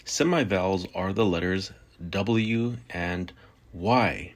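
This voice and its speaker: A man giving a scripted language lesson, saying each example word slowly and repeating it twice. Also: low-pitched. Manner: slow, deliberate, repeats example words twice. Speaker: language teacher.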